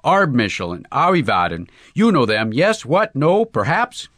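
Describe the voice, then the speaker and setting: A man voicing an excitable Russian novelist in broken English with a put-on Russian accent, effusive and exclamatory. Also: mid-range voice, unhurried, no echo, clean studio sound, voice pushed up.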